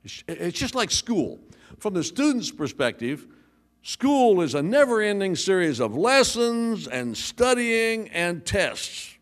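A man preaching a sermon as pastor, telling jokes and stories in a lively way. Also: high-pitched, takes it slowly.

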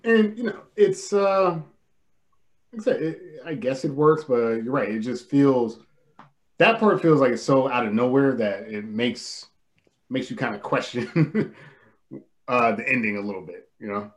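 Brief: man, mid-pitched, relaxed co-host voice, hedges with fillers. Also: a little slow. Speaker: podcast co-host. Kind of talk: casual film discussion.

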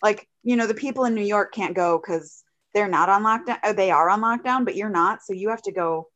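A woman's voice: medium pitch, fairly quick, a bit bright, muffled recording. A woman co-hosting a podcast, telling a rambling personal story in casual chat. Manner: chatty, rambling storyteller with fillers. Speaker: podcast co-host.

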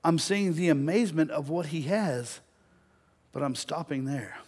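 A man preaching a sermon, telling a story and building to loud, emphatic peaks. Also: a little high, lively intonation, unhurried, breathy edge.

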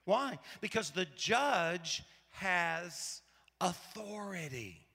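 A pastor from Arkansas, preaching a sermon in a conversational, storytelling way and asking the audience rhetorical questions. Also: male voice, high-pitched, a little slow, gravelly, bright, forceful tone, big-room sound. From Arkansas, USA.

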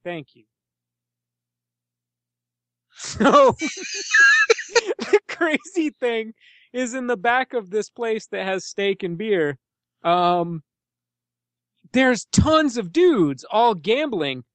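A man's voice: very high-pitched, huge pitch swings, drawn-out words, long pauses, a bit bright, no echo. A young man co-hosting a podcast, chatting casually about a film, laughing often and swearing freely. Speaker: podcast co-host. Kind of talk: casual film-discussion chat.

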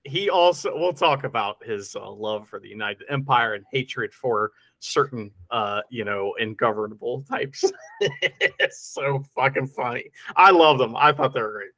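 A man's voice: medium pitch, moderate pace, sharp tone, dry recording. A man co-hosting a casual podcast chat, jokey and laughing often, full of ums and uhs. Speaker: podcast co-host.

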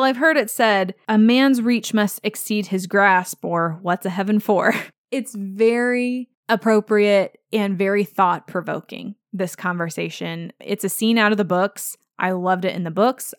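A woman's voice: medium pitch, no echo, studio quality. A woman hosting a podcast, chatting casually about a TV episode, laughing often and acting out the characters' lines. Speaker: podcast host.

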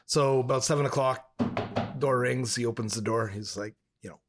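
A man in a relaxed podcast chat spins a drawn-out joke at a middling pitch. He tells it with animation and jumps into sudden loud, high-pitched character voices. His delivery is that of a practiced storyteller. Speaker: podcast co-host. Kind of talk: casual chat, telling a long joke.

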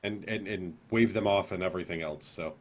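A man's voice: low voice, a little fast. A man co-hosting a late-night gaming stream, chatting casually, throwing in teasing quips and laughing easily. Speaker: co-host of a gaming talk stream.

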